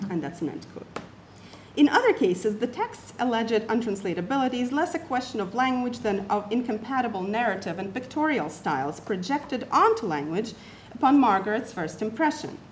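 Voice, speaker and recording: A woman's voice: on the high side, expressive, moderate pace, slight background noise. A woman presenting an academic paper, reading it aloud and setting off quotations with emphasis and asides.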